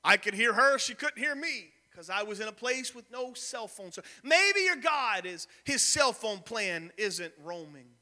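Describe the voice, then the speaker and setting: A young man preaching a sermon, telling a story with shouted peaks and sudden soft drops. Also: sits high, very animated, unhurried, few pauses, long reverb tail. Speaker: pastor.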